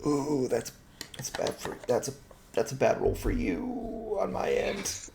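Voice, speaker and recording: A man narrating a tabletop game as game master, lively and quick to laugh. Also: medium pitch, vocal fry, background noise.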